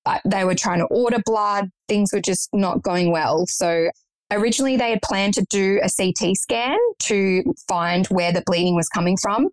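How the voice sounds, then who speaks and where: A woman's voice: mid-range voice, normal speed, no room sound, rough recording. Young woman, earnest, reflective, conversational, dry recording. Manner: earnest, reflective, matter-of-fact. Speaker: guest. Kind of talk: personal story in conversation.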